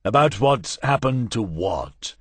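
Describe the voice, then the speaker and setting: A man voicing a ponderous, elephant-like male alien ambassador who speaks slowly and stately. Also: on the low side, animated, a bit bright, husky, dry recording, full character voice. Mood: puzzled. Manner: slow, puzzled, stately.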